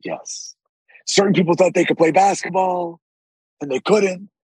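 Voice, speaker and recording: A man with a deep, raspy voice, telling animated stories with frequent swearing as a podcast guest. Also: unhurried, dry recording, poor audio. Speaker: actor guest. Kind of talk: casual podcast interview.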